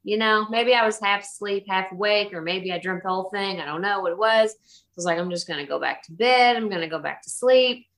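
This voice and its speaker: A middle-aged woman telling a ghost story casually in an animated way, acting out the voices she quotes. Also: medium pitch, brisk. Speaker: guest telling a haunting story.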